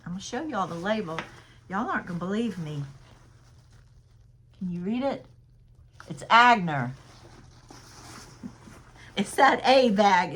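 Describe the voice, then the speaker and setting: With a lowish, expressive and fairly bright voice, this woman speaks unhurriedly and pauses often. Addressing viewers directly in a casual haul vlog, she chats, laughs a lot, and presents and prices purses she resells.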